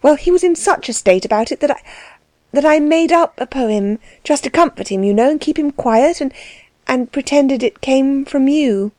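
Woman voicing a defiant young girl, higher-pitched, mellow, breathless tumbling delivery, storybook. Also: expressive, moderate pace, no room sound.

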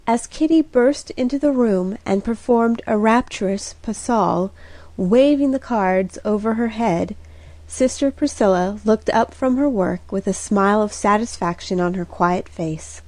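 Slow, clear woman narrating an audiobook. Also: mid-range voice, dry recording. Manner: slow, clear, even reading. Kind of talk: scripted narration.

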